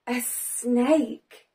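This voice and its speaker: A woman teaching toddlers in a learning video, slow and sing-song, with big gasps and constant praise. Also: a little high, mellow.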